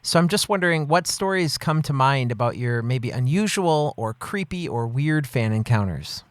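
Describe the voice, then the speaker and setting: A man's voice: mid-range voice, lively intonation, moderate pace, dry recording. A man hosting a podcast, asking easygoing interview questions and giving short reactions. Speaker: podcast host.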